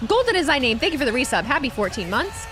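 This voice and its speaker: A woman's voice: high-pitched, sing-song, fast talker, over music. A young woman chatting casually on a live stream, sarcastic and talkative, reading chat messages aloud.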